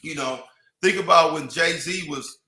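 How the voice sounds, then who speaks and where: Bright, high-ish man rambling in an echoey room. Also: measured pace. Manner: rambling, lots of restarts and "you know". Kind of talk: casual chat.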